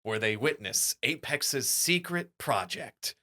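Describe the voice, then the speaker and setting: A man co-hosting a podcast, chatting casually and rambling quickly about a film. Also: mid-range voice, animated, pushed and bright. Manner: fast, rambling film commentary. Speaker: podcast co-host. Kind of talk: casual chat.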